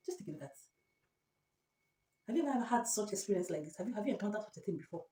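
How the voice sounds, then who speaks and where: A woman's voice: medium pitch, lively intonation, fast, long pauses, warm tone. Exasperated Nigerian woman ranting. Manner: exasperated, dramatic, repeats herself. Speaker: vlogger. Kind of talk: ranting vlog to camera. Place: home, indoors by the washing machine. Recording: echoey room, mic far off.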